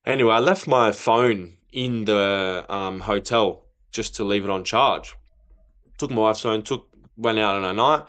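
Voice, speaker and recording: Low-voiced man telling a lively story. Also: unhurried. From not from Europe. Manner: animated, acts out quoted dialogue. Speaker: podcast guest, former footballer. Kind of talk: casual storytelling.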